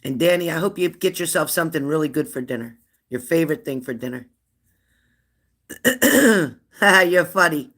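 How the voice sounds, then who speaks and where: A woman in her fifties hosting a live stream, chatting warmly and laughing as she reads out viewers' comments. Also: low voice, animated, normal speed, long pauses. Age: 50s. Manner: chatty and affectionate, laughs often, answers comments aloud. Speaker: livestream host of a spirit-messages channel.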